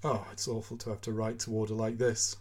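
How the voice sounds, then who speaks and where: A man's voice: lowish voice, little pitch movement, brisk, darkish tone, close to an everyday voice. A man voicing a weary, self-pitying male writer who complains and whines, in a storybook reading. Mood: complaining. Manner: whining, complaining.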